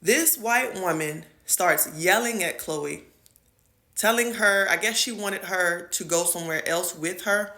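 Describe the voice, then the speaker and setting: A woman's voice: fairly low pitch, unhurried, sharp tone. Emphatic woman telling a story. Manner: emphatic, conversational, keeps checking in with the listener. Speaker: school teacher. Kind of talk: storytime vlog.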